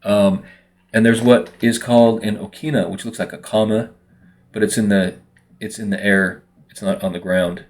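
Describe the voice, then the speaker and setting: This is a casual to-camera monologue: a man with a fairly low voice chats to his viewers at an ordinary pace, loose and rambling, leaning heavily on filler words.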